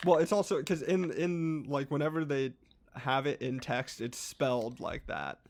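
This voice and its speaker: A man, a podcast co-host, excitedly explaining his favorite hobby in a casual, rambling chat with frequent restarts. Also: fairly high pitch, measured pace, slight background noise.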